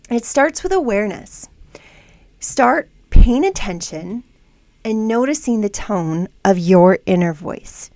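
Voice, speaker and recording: A woman hosting a self-help podcast, speaking in a calm, measured and encouraging way through a scripted monologue. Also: on the high side, dry recording. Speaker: podcast host.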